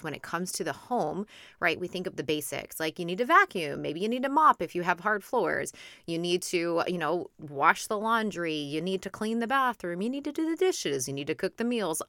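A woman in her thirties hosts her own podcast as a coach, talking in a chatty, encouraging way and checking in with "okay?" and "right?". Her voice is bright and forward, sitting a little low for a woman. The recording is close and dry. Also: dry recording. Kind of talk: casual podcast monologue.

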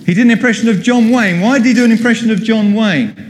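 A man preaching a sermon in a relaxed, chatty way, quizzing his congregation as he goes. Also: high voice, fast, slight background noise. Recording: long hall reverb.

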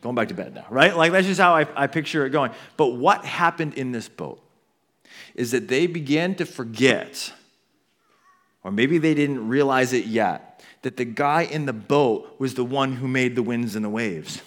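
A pastor preaching a sermon, telling the story animatedly and talking casually to the congregation. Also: male voice, unhurried. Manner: animated storytelling, acting out quotes with big swings in pitch and volume; conversational asides to the congregation.

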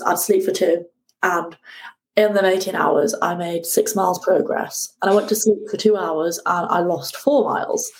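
Woman, storytelling guest, lively, even mid pitch. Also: poor audio. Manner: animated, acts out shouting at the sea. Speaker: guest, ocean rower. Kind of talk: conversational interview storytelling.

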